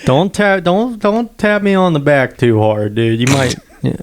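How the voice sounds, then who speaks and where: A man's voice: a little high, steady tone, unhurried. A man co-hosting a podcast, a stand-up comic telling stories in casual, profane chat and laughing often.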